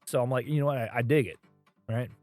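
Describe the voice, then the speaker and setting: A man's voice: mid-range voice, fast, darkish tone, dry recording. Man, podcast co-host, rambling casual chat, dry close sound, faint music under. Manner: rambling, filler-heavy, laughs at own asides.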